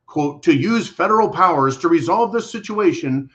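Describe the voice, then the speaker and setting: A man's voice: on the high side, expressive, moderate pace. A man hosting a political commentary show, talking in a blunt, combative, sarcastic way. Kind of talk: angry monologue to viewers. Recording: dull lo-fi audio.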